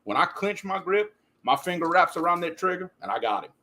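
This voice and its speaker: A man's voice: high-pitched, sing-song, a little fast, bright, forceful tone, a little hiss or hum. Co-host man, casual, emphatic, repeats points to drive them home. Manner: emphatic, repeats himself for stress. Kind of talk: casual chat on a live stream.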